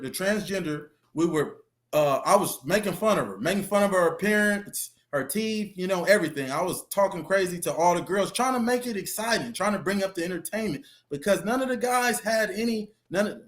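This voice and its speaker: A man giving a casual interview, retelling a story with street slang and lots of fillers. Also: high-pitched. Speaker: interview guest, former reality show contestant.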